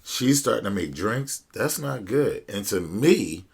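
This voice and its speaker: Low gravelly guy on a podcast, blunt slangy storytelling, kinda husky. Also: unhurried. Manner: animated, blunt, slangy, retells dialogue. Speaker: podcast host. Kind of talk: casual storytelling commentary.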